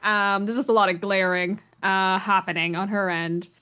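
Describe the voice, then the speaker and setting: A woman's voice: medium pitch, fairly even intonation, normal speed, sharp tone, clean tone. A woman running a tabletop role-playing game, narrating the scene casually with plenty of fillers. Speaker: game master.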